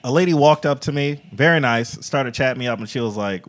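A young man telling a funny story in casual, slangy chat, laid-back and quick to laugh. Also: medium pitch.

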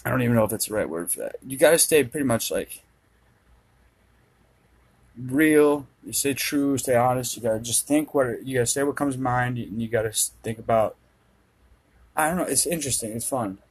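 A man's voice: mid-range voice, brisk, long pauses, breathy edge, poor audio. A young man from Minnesota hosting his own podcast, rambling in a laid-back, profane, casual monologue. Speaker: podcast host. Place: dark room at home with a fan running.

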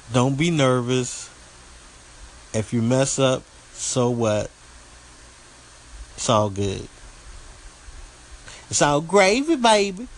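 A man's voice: medium pitch, rough recording. A man from the southeast United States with a Southern country accent, hosting a casual solo podcast in a folksy way that sometimes stumbles over words. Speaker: podcast host.

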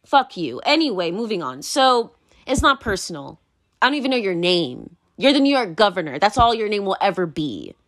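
A woman's voice: mid-range voice, big pitch swings, moderate pace, fairly bright tone. A woman vlogging her opinions in a rambling, heated, profane rant full of fillers.

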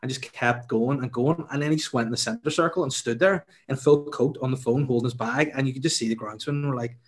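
A young man, telling a funny story in casual chat, animated and laughing, swearing freely. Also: mid-range voice, brisk.

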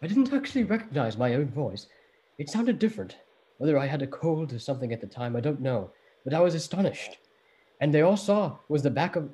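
A man doing an impression of a dignified elderly male English actor, speaking in a measured, reflective way. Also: on the high side, warm tone, poor audio.

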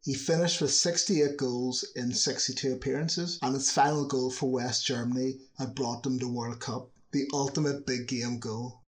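A man's voice: mid-range voice, steady tone, normal speed, few pauses. Male narrator for a football history video; chatty, scripted, dry humor in the asides.

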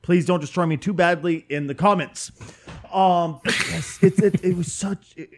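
Animated profane man, higher voice. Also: moderate pace, a little hiss or hum. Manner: animated, profane, self-mocking. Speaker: podcast co-host. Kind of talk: casual chat.

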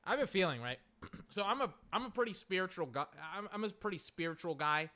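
A man chatting casually and excitably, rambling, swearing and exclaiming, his voice cracking. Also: sits high, fast talker. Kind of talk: casual chat.

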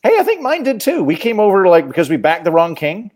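A man's voice: high-pitched, very animated, fast talker, a little mellow. Rambling, joking male comedian. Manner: rambling, self-deprecating, joking. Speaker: guest comedian. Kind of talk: casual podcast chat.

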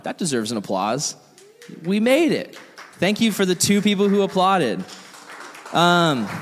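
Chatty youth pastor in a reverberant hall. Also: male voice, a little high. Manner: chatty, joking storyteller with many fillers. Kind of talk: casual sermon.

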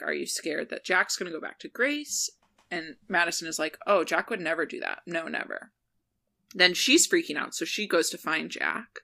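A woman co-hosting a podcast, casually recapping a TV episode, quickly retelling scenes and quoting the characters' lines, laughing often. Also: on the low side, creaky, bright, forceful tone. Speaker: podcast co-host.

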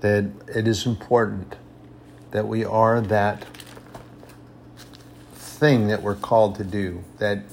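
A man preaching a sermon with emphasis, repeating his points for stress and reading scripture in a raised, slow voice. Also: fairly low pitch, fairly even intonation, creaky, a little mellow, slight background noise.

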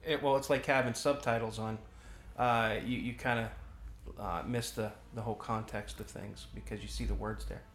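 A man co-hosting a podcast, casually commenting on a film as he watches, talking in halting stops and restarts. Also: on the low side, fairly even intonation, fairly bright tone. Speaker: podcast co-host. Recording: roomy echo, faint noise.

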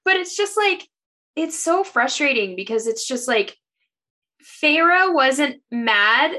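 A woman co-hosting a chatty book podcast. Her tone is bright and a touch high. She talks in emphatic, exasperated bursts and turns self-deprecating. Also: animated, slow. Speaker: podcast co-host. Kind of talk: casual book discussion.

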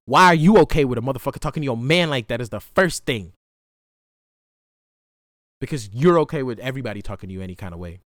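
A young man hosting a podcast, talking through a raw, profane solo monologue that swings from hushed to loud outbursts. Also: medium pitch, expressive, fast, long pauses, no echo, clean studio sound. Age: young adult. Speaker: podcast host.

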